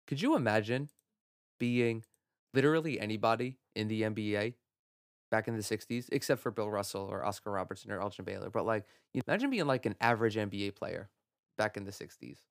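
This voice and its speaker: A young man hosting a solo sports podcast from home, talking in an excitable, profane rant and laughing at his own jokes. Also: on the low side, fairly quick, creaky, dry recording, clean studio sound. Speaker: podcast host. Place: home room.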